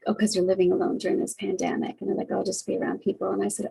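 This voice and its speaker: Caregiver vlogger, middle-aged woman, husky dark tone, reflective and earnest, speaks to her webcam. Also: mid-range voice, completely flat delivery, racing, hardly any pauses, poor audio. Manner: earnest, reflective, many fillers. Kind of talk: casual heartfelt talk to camera. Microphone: webcam, facing camera.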